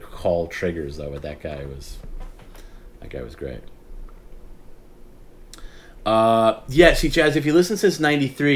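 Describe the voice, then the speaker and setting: A man in his forties, the host of a late-night stream, telling rambling stories in casual chat and acting out the callers he remembers. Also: on the low side. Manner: rambling, self-interrupting storyteller who acts out quoted callers.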